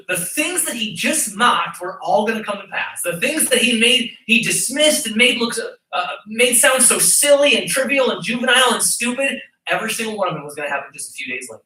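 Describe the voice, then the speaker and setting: A man's voice: sits high, sharp tone, recorded from a distance. A man preaching a sermon as pastor, emphatic and with a dramatic, mocking tone when quoting. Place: church sanctuary. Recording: echoey church hall, voice from off-mic.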